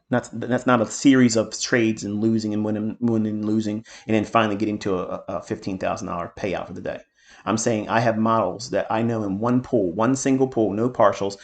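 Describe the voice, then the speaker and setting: A man's voice: lowish voice, fairly even intonation, moderate pace. Blunt profane middle-aged man teaching trading. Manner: blunt, profane, boastful, heated asides. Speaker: trading mentor. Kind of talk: market commentary lesson.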